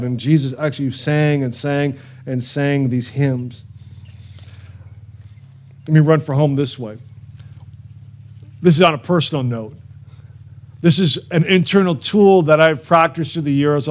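A middle-aged male pastor preaching a sermon, telling a personal story with earnest emotion and repeating phrases for emphasis. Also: fairly high pitch.

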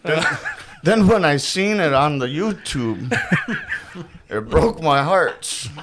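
A man's voice: fairly high pitch, big pitch swings, takes it slowly, noisy background. A man co-hosting a podcast, telling crude joking stories with a laugh in his voice. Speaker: podcast co-host. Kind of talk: casual joking banter.

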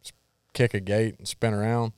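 Deep-voiced country guy with a drawl telling rodeo stories, dry close mic. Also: flat delivery, moderate pace, a little mellow, smooth, no echo. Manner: drawling, plainspoken, swears casually. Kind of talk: casual storytelling chat.

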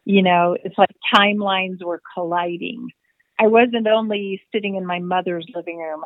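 A woman's voice: fairly low pitch, no echo. Middle-aged woman telling a story over a tinny line. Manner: animated, acts out remembered dialogue. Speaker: interview guest. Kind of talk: personal storytelling. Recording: tinny phone-like line, dry.

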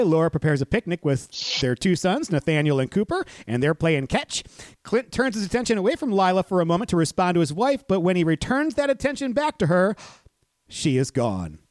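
A man's voice: high voice, very animated, brisk, no room sound. A man hosting a podcast who recaps a movie plot and chats animatedly, laughing easily. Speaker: podcast host. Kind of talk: movie recap and casual chat.

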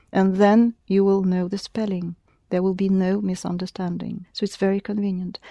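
A Russian language teacher gives a one-on-one lesson in English, her medium-pitched voice mellow as she explains patiently and prompts her student with questions. The sound is clean studio audio with no echo.

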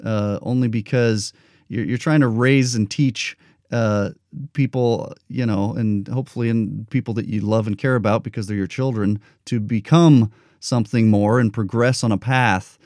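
A man hosting a podcast interview, thoughtful and a bit rambling, with soft laughs. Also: lowish voice, steady tone, normal speed, no room sound, studio quality. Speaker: podcast host.

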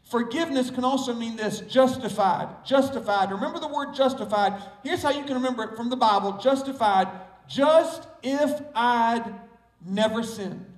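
A man's voice: very high-pitched, fairly quick, few pauses. A man with a Southern US accent preaching a sermon as pastor, stressing and repeating key words. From Southern United States. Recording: echoey room, mic far off.

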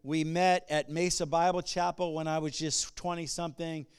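Man preaching with loud call-and-response. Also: fairly high pitch, fairly even intonation, moderate pace, smooth. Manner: conversational asides and restarts. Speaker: pastor. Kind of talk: sermon.

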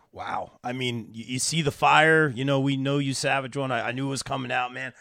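A man hosting a live podcast interview, excitable and reading out comments from the chat. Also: medium pitch, normal speed, vocal fry, no echo. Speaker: podcast host.

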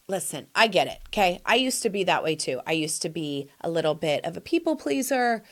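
A woman's voice: lowish voice, very animated, brisk, few pauses, a bit bright. A woman in her forties hosting a podcast, giving sassy, emphatic advice straight to her listeners in casual chat. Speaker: podcast host answering listener questions.

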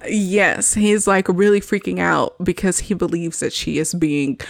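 A woman's voice: lowish voice, unhurried, vocal fry, dry recording. Woman podcast host, chatty recapper, laughs through the story, dry close mic. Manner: chatty, laughs often while retelling scenes. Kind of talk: casual movie recap.

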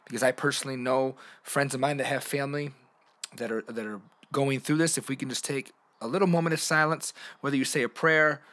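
A man hosting a motivational podcast, talking in an animated, playful way that jumps between hushed and loud. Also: mid-range voice, brisk. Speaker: podcast host.

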